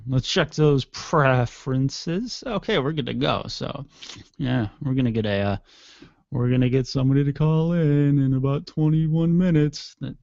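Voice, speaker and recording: A man's voice: mid-range voice, creaky, no echo, muffled recording. A man hosting his own internet radio show alone, rambling and joking with mild cursing, yawning and sleepy. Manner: rambling, joking, mildly profane. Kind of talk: casual solo radio chat. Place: home studio room. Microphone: desk mic with headphones.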